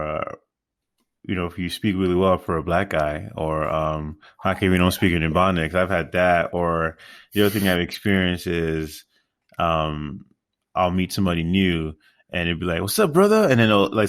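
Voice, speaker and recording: Podcast co-host, very low voice, expressive, easy laugh, dry room. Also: male voice, moderate pace, clear, resonant tone, no echo. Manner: laid-back, laughs easily. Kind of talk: casual chat.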